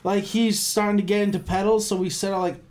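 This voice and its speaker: A man telling an excited, profane story about music gear in a casual podcast chat. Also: sits high, brisk.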